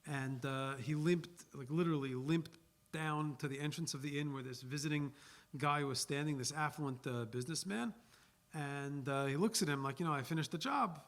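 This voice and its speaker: Animated rabbi teaching Torah. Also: male voice, on the high side, normal speed. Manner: animated, chatty, sprinkled with Yiddish and Hebrew words. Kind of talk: Torah lecture with storytelling.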